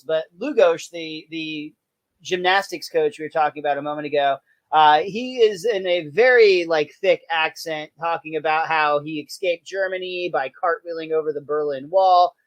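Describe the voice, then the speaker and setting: A podcast host recapping a cartoon episode in a relaxed, chatty way, laughing often. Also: medium pitch, no room sound. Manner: relaxed, lots of uh fillers, laughs easily. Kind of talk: casual episode recap chat.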